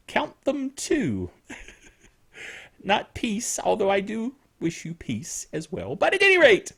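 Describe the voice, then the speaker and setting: A man's voice: high voice, a bit bright. A middle-aged man hosting a tech netcast, rambling and chatty with frequent self-amused chuckles. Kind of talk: casual tech news commentary.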